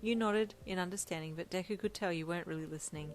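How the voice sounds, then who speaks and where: A woman narrating second-person romance fanfiction in a gentle, unhurried reading. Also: fairly low pitch, faint music behind, low-quality recording. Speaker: fanfiction reader.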